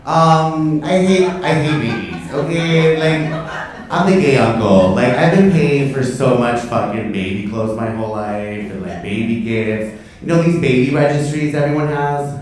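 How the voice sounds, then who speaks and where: A stand-up comic with a medium-pitched voice works a comedy club crowd at a slightly slow pace, brash, camp and profane as he teases them before a live audience. The distant mic catches the echoey room and the audience's laughter.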